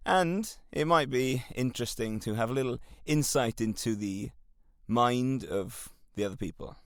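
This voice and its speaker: A man's voice: medium pitch, moderate pace, no room sound, studio quality. A man with a Welsh accent hosting a solo self-help podcast, talking to listeners in an earnest, encouraging coaching way. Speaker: podcast host.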